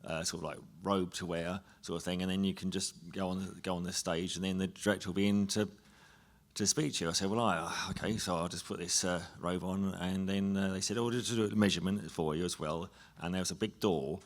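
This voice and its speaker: A man's voice: low-pitched, fairly even intonation, a little fast. An English man from England, a guest on a convention panel, telling a story live with lots of fillers, restarts and giggly asides.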